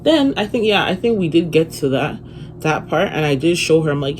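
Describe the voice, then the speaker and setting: A young woman chatting through a storytime on her phone, profane and animated as she retells it. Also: medium pitch, a little fast. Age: young adult. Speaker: vlogger. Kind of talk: casual storytime vlog. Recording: noisy phone recording with room ambience.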